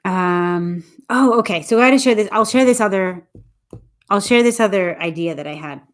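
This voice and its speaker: A woman English teacher chatting casually on a livestream, talking quickly and interrupting herself as she speaks to viewers. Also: mid-range voice. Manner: fast, chatty, self-interrupting, talks to viewers.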